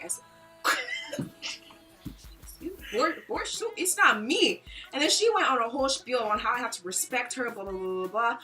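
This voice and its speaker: A woman's voice: big pitch swings, moderate pace, pauses often, bright, forceful tone, soft background music. A young woman telling a school story in a casual vlog, dramatic and imitating her teacher. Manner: dramatic, swoops in pitch, mimics teacher. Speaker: vlogger.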